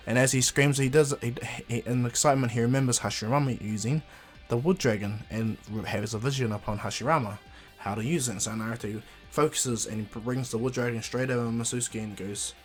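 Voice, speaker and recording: A man's voice: mid-range voice, fairly even intonation, brisk, few pauses, faint music behind. A man casually retelling a fan story, rambling with frequent fillers and restarts.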